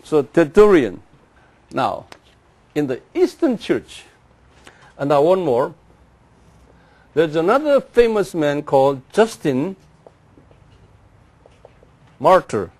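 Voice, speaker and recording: Slow high-voiced man teaching a class. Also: very animated, darkish tone. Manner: drills pronunciation, repeating names and asking the class to say after him. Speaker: Bible teacher. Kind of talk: classroom lecture.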